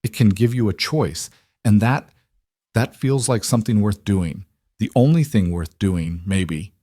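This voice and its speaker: A man voicing a gentle, earnest cowboy rancher whose quiet voice is rough with old grief. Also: on the low side, a little slow, dry recording, clean studio sound. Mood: grieving. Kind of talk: audiobook character reading.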